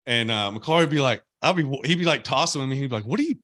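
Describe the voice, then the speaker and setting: A young man hosting a podcast, telling animated stories with swearing and laughter. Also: mid-range voice, quick pace, no room sound. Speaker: podcast host, former player. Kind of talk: casual podcast chat.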